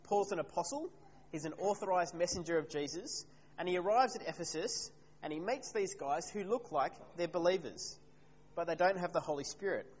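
A man preaching a conversational sermon and asking his congregation questions. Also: a little high. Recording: reverberant hall, slightly dull, faint hum.

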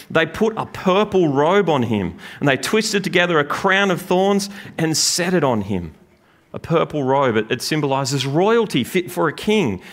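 A man preaching a sermon in a church, lively and joking with the congregation. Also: mid-range voice. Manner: lively, animated preaching with jokes. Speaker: pastor. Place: church gathering room.

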